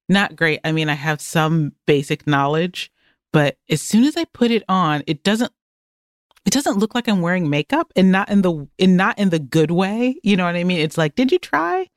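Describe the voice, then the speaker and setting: A woman chatting as a podcast guest, animated and jokey, with quick asides. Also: lowish voice, no room sound, studio quality. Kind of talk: casual conversation.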